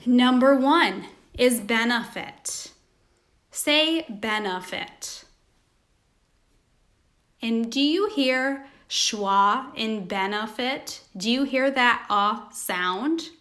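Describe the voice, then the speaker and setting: A woman teacher giving a recorded phonics lesson to children, speaking slowly and carefully, sounding out each word. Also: a little high, fairly bright tone.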